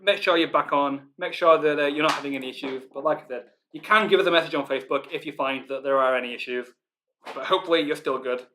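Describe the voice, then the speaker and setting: A quiz host with a Northern English accent runs a live online pub quiz, his voice bright, forceful and slightly high. He chats casually with players, peppering his talk with ums, then reads every question slowly and says it twice. There's a little background noise.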